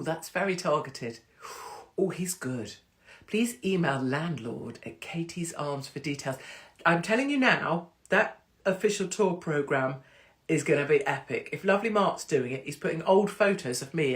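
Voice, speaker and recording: Reading out announcements on a casual livestream, this low-pitched woman host is cheeky and excitable. She rambles, tossing in asides and joking interruptions along the way.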